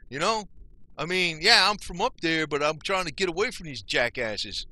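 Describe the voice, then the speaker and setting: Speaking at a normal speed, this older man has a slightly high voice that is expressive, bright and forceful. He's a vlogger from Northeast New Jersey, rambling to the camera in a folksy rant full of "you know?" and mild swearing.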